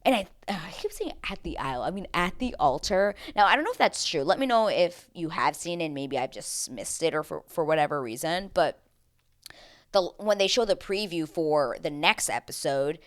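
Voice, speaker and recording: Woman, reality show recap vlogger, slightly low voice, chatty, emphatic, slangy, rambling tangents. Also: expressive, normal speed. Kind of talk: casual opinionated recap commentary.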